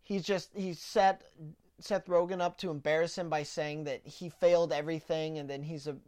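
Speaking in a deep, darkish voice with a steady tone at normal speed, a woman rants on her political podcast. She delivers opinionated commentary, mocks opponents in sarcastic put-on quotes, and often stumbles over repeated words when starting sentences.

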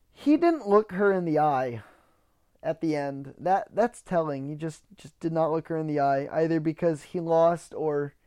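A man's voice: fairly high pitch, darkish tone, smooth. A man hosting a podcast, ranting in a casual monologue, swearing freely and often repeating words as he starts sentences. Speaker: podcast host.

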